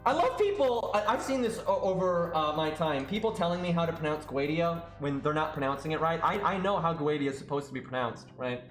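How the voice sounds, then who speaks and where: A high-voiced man rants casually on a live stream, exasperated and cursing freely. His voice sits in a roomy, echoing space. Faint music plays underneath. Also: brisk, few pauses, a bit bright. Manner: exasperated, ranting, swears freely.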